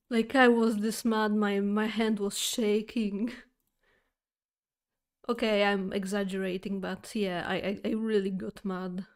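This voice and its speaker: A woman streamer telling a chatty, exaggerated story to her viewers, with halting phrasing full of fillers and restarts. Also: medium pitch, little pitch movement. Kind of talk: casual storytelling chat.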